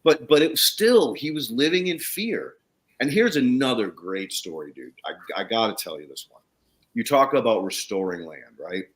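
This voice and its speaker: Blunt male guest, swears a lot, lively up-and-down delivery, casual storyteller. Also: medium pitch, normal speed. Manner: animated, blunt, swears freely. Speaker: guest, soil consultant.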